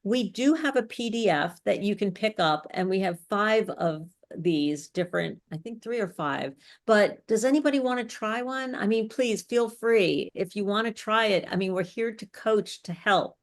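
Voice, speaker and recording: A woman's voice: mid-range voice, lively intonation, moderate pace. A woman speech coach leading a live online workshop, explaining step by step with chatty asides.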